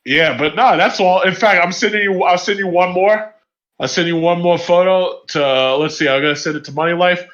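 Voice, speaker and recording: Man, blunt, emphatic, bright high voice, muffled voice chat. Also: a little fast. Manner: blunt, emphatic, repeats himself. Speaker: voice chat participant. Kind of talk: casual group voice chat. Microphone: online voice chat mic.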